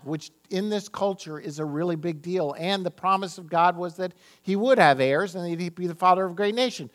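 A man's voice: high-pitched, brisk, few pauses, fairly bright tone. A man preaching a sermon, reading scripture dramatically and speaking animatedly to his congregation. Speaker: pastor.

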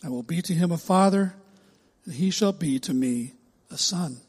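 A man preaches a sermon with measured emphasis, drawing out important words and stressing phrases. His voice sits a little high for a man and has a soft, breathy edge. It rings with the long reverb of a large hall. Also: animated. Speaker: pastor.

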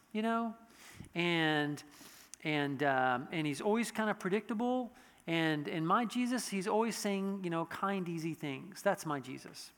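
Man, pastor, sermon, very high voice, conversational with restarts, bright tone. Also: long reverb tail. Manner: conversational preaching with frequent restarts and asides.

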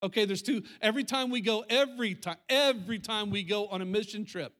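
A man's voice: sits high, fast, a bit bright. A middle-aged man preaching a sermon to his congregation, talking conversationally and repeating phrases for emphasis. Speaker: pastor. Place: church sanctuary.

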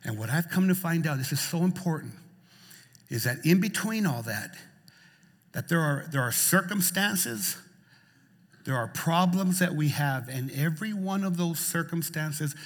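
A man's voice: a little high, lively intonation, measured pace. Impassioned preacher man in a reverberant hall. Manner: impassioned preaching, repeats phrases, swings loud and soft. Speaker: pastor. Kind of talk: sermon. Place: church sanctuary.

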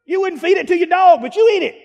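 A man preaching a sermon as pastor, emphatic and repetitive, rising into shouts to drive points home. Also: very high-pitched, fast talker, gravelly, highs cut off. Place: church sanctuary. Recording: long reverb of a large church hall.

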